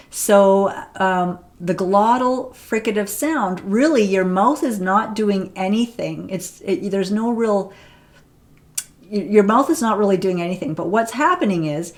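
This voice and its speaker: A woman teaching pronunciation on camera, explaining sounds and demonstrating them, often checking with "right?". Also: medium pitch.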